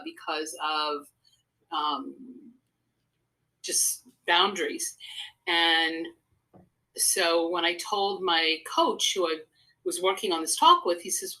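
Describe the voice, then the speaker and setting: Older lady guest rambling on in a bright punchy voice, earnest, lowish pitch. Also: poor audio. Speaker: guest, psychotherapist and speaker. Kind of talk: casual interview conversation.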